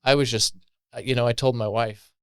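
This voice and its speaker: A man's voice: medium pitch, fairly even intonation, brisk, a bit bright, clean tone, dry recording. A man from Colorado telling his own recovery story as a podcast guest, earnest and reflective, with many fillers. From Colorado, USA. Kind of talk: personal recovery story, conversational.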